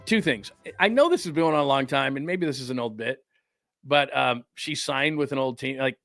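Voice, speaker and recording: A man's voice: medium pitch, a bit bright, no echo, clean studio sound. A middle-aged man hosting a sports talk show, chatting casually in a rambling, joking way. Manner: rambling, jokey, conversational.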